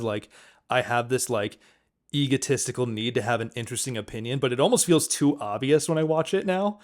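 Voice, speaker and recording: A man co-hosting a casual movie podcast, easygoing and quick to laugh. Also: mid-range voice. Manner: easygoing, laughs often, loose phrasing. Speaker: podcast co-host.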